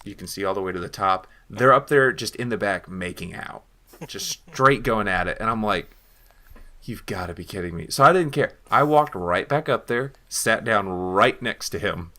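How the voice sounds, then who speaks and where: Young male co-host, low gravelly voice with a bright edge, lively storyteller. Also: moderate pace. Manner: animated storyteller acting out quoted lines. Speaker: podcast co-host. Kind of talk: casual chat.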